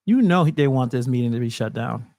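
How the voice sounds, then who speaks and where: A man's voice: medium pitch, animated, fast talker, darkish tone, dry recording. A man giving scornful live reaction commentary to a meeting, mocking what he hears.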